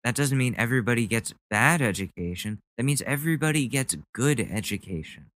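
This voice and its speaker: A man's voice: mid-range voice, animated, fairly quick, a bit bright, dry recording. A man hosting a podcast, ranting about the news with sarcastic, mocking commentary. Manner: sarcastic, mocking, goes on rants. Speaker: podcast host. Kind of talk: casual comedic commentary.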